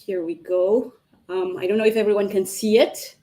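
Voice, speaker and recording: A woman's voice: mid-range voice, fairly even intonation, warm tone. Woman arguing formally before a tribunal. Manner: formal and measured, addresses the tribunal directly. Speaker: counsel arguing against the motion. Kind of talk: formal argument in a mock hearing. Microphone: video call.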